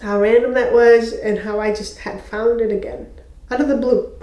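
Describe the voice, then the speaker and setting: Young woman, emotional halting testimony, somewhat high voice, mellow tone. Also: fairly even intonation. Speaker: faith video host. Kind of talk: personal testimony to camera. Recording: echoey room.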